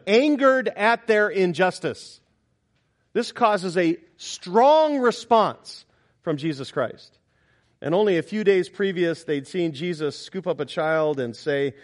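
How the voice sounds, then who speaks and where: A middle-aged pastor delivers a sermon in a fairly high male voice. He preaches with emphasis and swings between loud exclamations and quieter reflective passages.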